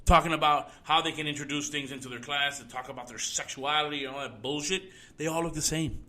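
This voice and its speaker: A man's voice: on the high side, fast, bright, forceful tone. A man hosting a solo podcast from home, ranting in a heated, profane way. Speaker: podcast host. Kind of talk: solo opinion podcast rant.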